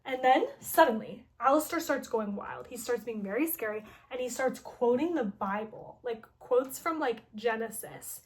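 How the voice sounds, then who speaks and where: A young woman retelling a story game in a chatty, joking way, leaning on "like" as she goes. Her voice sits high, and the tone stays casual and conversational. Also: expressive, normal speed, hardly any pauses. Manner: chatty, heavy use of "like", joking asides. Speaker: game recapper.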